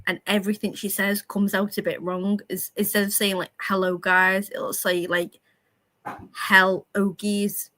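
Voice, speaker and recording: A woman chatting casually on a livestream panel, telling loud, sweary stories and laughing often. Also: mid-range voice, little pitch movement, normal speed, hardly any pauses, poor audio. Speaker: streamer panel guest.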